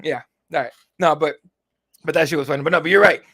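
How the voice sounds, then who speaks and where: A man's voice: a little high, fast talker, a bit bright. Profane, rambling man co-hosting a podcast. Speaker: podcast co-host. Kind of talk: casual chat.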